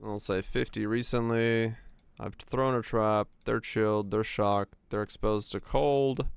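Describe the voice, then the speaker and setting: A man's voice: on the low side, fairly even intonation, measured pace, gravelly, clear, resonant tone, dry recording. A young man streaming a game, chatting casually, answering chat questions and thinking aloud as he plays.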